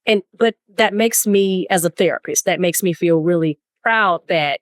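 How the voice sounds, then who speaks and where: A woman therapist talks earnestly on a podcast. Her voice sits on the lower side and she reflects carefully, often restarting her thoughts. The recording is dry and close. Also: moderate pace, no room sound. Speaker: therapist and co-host. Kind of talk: casual podcast chat.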